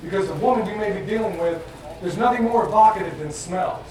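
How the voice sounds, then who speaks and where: A man's voice: high voice, quick pace, a crowd in the background. A man giving a live talk to an audience, chatting plainly and joking as he goes. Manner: joking, conversational, plain-spoken. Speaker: festival presenter. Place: event venue with audience. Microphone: far from the mic. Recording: very echoey, distant, noisy live room.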